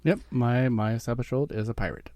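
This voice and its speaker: A man's voice: mid-range voice, fairly even intonation, fast, darkish tone, dry recording. A man with a Louisiana accent, co-hosting a casual podcast, joking and teasing in playful banter. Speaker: podcast co-host. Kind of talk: casual group chat.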